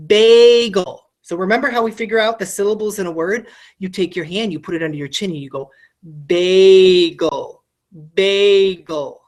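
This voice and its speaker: In a recorded phonics lesson for children, a woman with a mid-range voice speaks directly to the student. She fires off quick questions and sounds out every word slowly, syllable by syllable.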